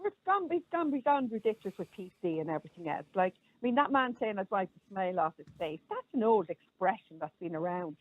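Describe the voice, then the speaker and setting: A middle-aged Irish woman speaks over a thin, tinny phone line as a caller to a radio show. Her voice is a little husky and her delivery is lively and expressive. She talks in a forthright, chatty way. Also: medium pitch, fast talker, few pauses, no room sound. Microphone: telephone.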